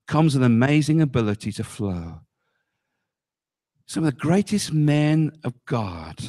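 Lively-pitched preaching pastor, a man. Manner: emphatic preaching, dropping low on key words; asks the congregation rhetorical questions. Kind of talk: sermon.

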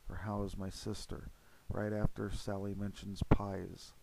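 A man narrating a paranormal investigation in an earnest, steady voice-over, with frequent fillers. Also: on the low side, a little slow, gravelly, a little hiss or hum, low-quality recording.

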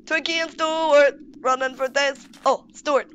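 A woman with a high voice that leaps all over the place gives playful commentary while she plays a game. She gushes and baby-talks to her pets on screen, and her pace stays unhurried. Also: animated, a bit bright, highs cut off, a little hiss or hum. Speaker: YouTuber showing a game mod.

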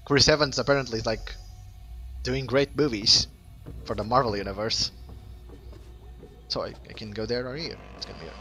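A man commenting on a game he plays, excitable, laughing often and breaking into squeals and shouts. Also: mid-range voice, normal speed, pauses often, faint music behind. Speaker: let's play host. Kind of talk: casual gameplay commentary.

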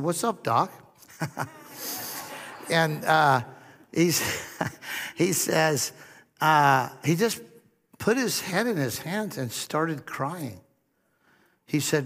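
A middle-aged man preaching as a pastor, telling a story with touches of humor and quieter quoted dialogue. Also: medium pitch, creaky. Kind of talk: sermon. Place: church hall. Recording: long hall reverb.

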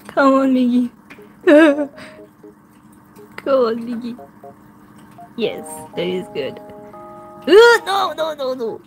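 A woman's voice: a little high, darkish tone. A woman vlogging with her pet, giggly, coaxing and pleading with it in casual talk. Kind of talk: casual pet vlog narration.

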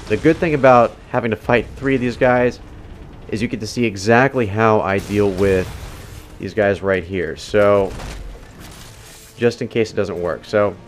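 In this walkthrough voice-over, a man with a lowish voice offers relaxed, step-by-step instructions as he plays, speaking a little slowly. A little hiss or hum sits in the recording.

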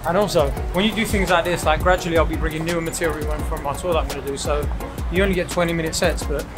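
A man's voice: a little high, fairly even intonation, racing. A young man doing stand-up crowd work, cheeky and swearing, laughing as he talks. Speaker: stand-up comedian. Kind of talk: crowd work and casual chat. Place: comedy club stage, then backstage. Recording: live club with loud crowd and music.

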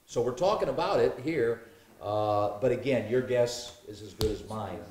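A man's voice: medium pitch, expressive, moderate pace, a little mellow, reverberant, a little hiss or hum. A man in a Bible study discussion, reading scripture aloud and musing with many fillers. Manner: reads scripture aloud, hesitant with fillers, jokes and laughs.

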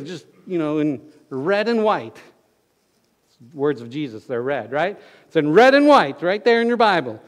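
High-voiced pastor in echoing church. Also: male voice. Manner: folksy storytelling, gets loud and excited. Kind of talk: sermon. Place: church sanctuary. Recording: long church hall reverb.

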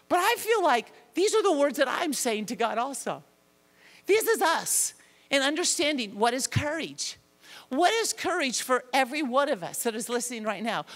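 Woman pastor, animated self-deprecating sermon, high voice, long church reverb. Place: church sanctuary with a congregation.

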